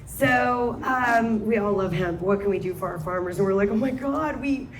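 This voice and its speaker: An enthusiastic woman moderates a live panel and keeps up a steady stream of affirmations for her guests. Faint noise sits under her voice. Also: mid-range voice, normal speed. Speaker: podcast host and panel moderator. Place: event stage before a live audience.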